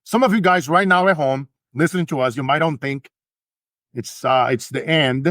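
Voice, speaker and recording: A man's voice: a little high, normal speed, fairly bright tone, dry recording. A man hosting a motivational show, preachy and rallying his audience. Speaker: host and motivational speaker.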